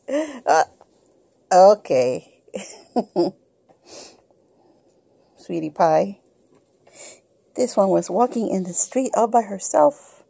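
A woman's voice: mid-range voice, lively intonation, extremely slow, creaky, pauses often, mellow, husky, dry recording. A woman at home talking to her kitten in coaxing baby talk. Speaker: pet owner filming her kitten. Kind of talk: casual pet video. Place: at home indoors.

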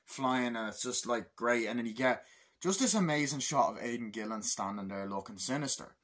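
Young guy, casual movie review, bright edgy tone, husky, swears constantly, acts out scenes. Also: mid-range voice, moderate pace. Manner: excited, swears a lot, acts out scenes in a raised voice.

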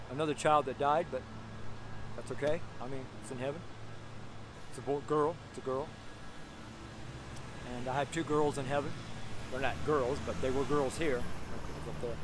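A man's voice: fairly high pitch, fairly bright tone, a little hiss or hum. An older man preaching a fervent street sermon outdoors by busy roads, exhorting and repeating his points. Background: passing cars.

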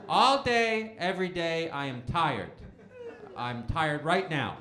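A man's voice: fairly high pitch, big pitch swings, measured pace, background noise. A man in his thirties doing a stand-up comedy set in a bowling alley venue, telling stories animatedly and acting out the dialogue in shifting voices. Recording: roomy live venue with crowd laughter.

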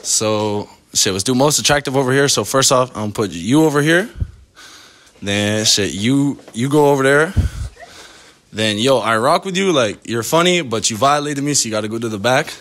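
A man's voice: mid-range voice, expressive, moderate pace, fairly bright tone. A man joking and roasting the women around him in casual street banter. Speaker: participant rating girls.

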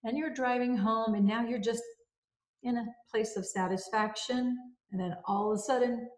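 A woman's voice: fairly high pitch, steady tone, moderate pace, roomy sound. A woman reviewing a self-help book in a casual way. She repeats key phrases and walks through everyday examples.

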